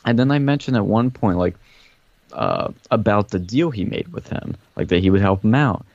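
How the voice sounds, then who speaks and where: A man's voice: fairly low pitch, big pitch swings, moderate pace, creaky, darkish tone, no room sound. A man retelling a story in casual podcast chat, rambling and profane, with dull, dry lo-fi audio. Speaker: guest telling a story.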